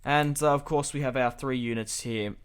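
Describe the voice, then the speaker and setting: Smooth and medium-pitched at a moderate pace, a young man hosts his channel with laid-back commentary on a strategy game. He laughs softly while reasoning aloud about his moves.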